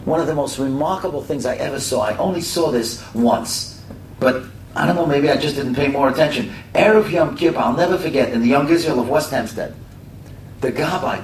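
Middle-aged man preaching in an echoey room. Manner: conversational, animated storyteller with frequent asides. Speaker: speaker at a religious community talk. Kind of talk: storytelling sermon. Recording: echoey room from a distance, faint rumble.

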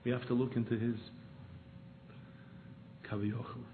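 A man telling a parable in a sermon, moving from hushed narration to pleading. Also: medium pitch, little pitch movement, unhurried, slight background noise. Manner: storytelling, swings from hushed to pleading. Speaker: rabbi. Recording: echoey room over a tinny phone-like line.

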